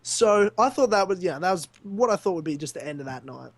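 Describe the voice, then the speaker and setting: A young Australian man telling a lively story on a casual podcast, laughing often. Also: sits high, brisk, dry recording. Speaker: podcast co-host.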